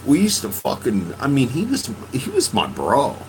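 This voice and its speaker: A man in his fifties telling a personal story in a halting, profane way, often restarting his sentences. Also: medium pitch, huge pitch swings, a little mellow, slight background noise, low-quality recording. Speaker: podcast host.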